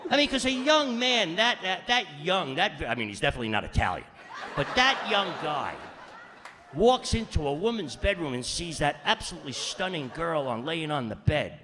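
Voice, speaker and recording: A man's voice: a little high, big pitch swings, moderate pace, pushed and bright, a faint crowd. Brash middle-aged man doing stand-up in a hall. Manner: brash, punchy joke delivery with mock-exasperated asides. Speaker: stand-up comedian. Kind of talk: stand-up comedy routine.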